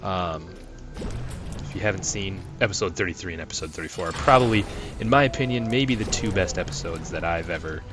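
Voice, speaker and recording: A gaming channel host with a low voice rambles through casual gameplay commentary at a fairly quick pace, swearing a lot and flaring into angry outbursts. Loud music plays behind him.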